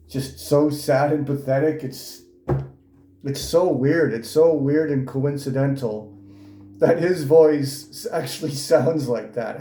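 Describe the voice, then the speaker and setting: A man's voice: medium pitch, dark tone, reverberant. A man giving mocking reaction commentary, sneering and ridiculing someone as he talks. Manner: sneering, ridiculing, with frequent laughs.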